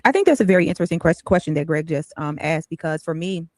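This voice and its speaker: A woman's voice: deep voice, lively intonation, fast talker, no room sound. A woman who is a guest on a group call, explaining her view in a thoughtful, articulate way. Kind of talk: casual chat.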